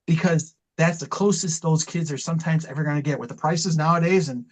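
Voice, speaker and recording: A man's voice: a little high, a little fast, rough recording. A middle-aged man, a wrestling manager, telling long impassioned stories in an interview, rambling and repeating himself as he goes. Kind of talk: storytelling interview talk.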